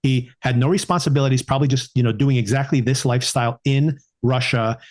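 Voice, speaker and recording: Halting man co-hosting a film podcast. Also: mid-range voice, steady tone, a little mellow. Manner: halting restarts, quotes characters in mock dialogue. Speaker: podcast co-host. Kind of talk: casual film discussion.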